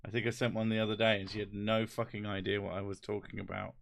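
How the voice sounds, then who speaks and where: A low-voiced man with an English accent talks close to the mic in a dry room. He rambles through casual chat with a wry tone and drops swear words freely. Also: flat delivery, fast, creaky, dry recording. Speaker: host. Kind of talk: casual chat reading comments.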